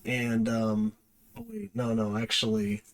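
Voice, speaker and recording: A man reviewing a movie, casually retelling its plot with many fillers, pauses and restarts. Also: fairly low pitch, very animated. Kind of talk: casual spoken plot recap.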